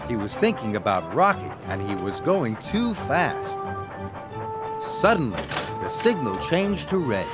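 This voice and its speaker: Slow, expressive American storyteller man. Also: mid-range voice, loud music behind the voice. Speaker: narrator. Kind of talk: storybook narration.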